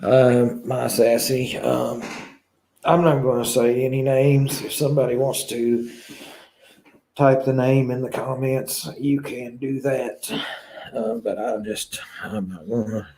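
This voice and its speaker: A man hosting his own live stream, reading out viewer comments and talking frankly in a hesitant way with many pauses. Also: medium pitch, fairly even intonation, warm tone. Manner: candid and confessional. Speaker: YouTube channel host.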